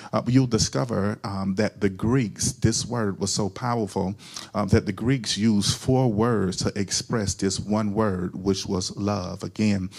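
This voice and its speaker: A man's voice: on the low side, gravelly, darkish tone. A man preaching a sermon as pastor, repeating key phrases and calling on the congregation to answer back.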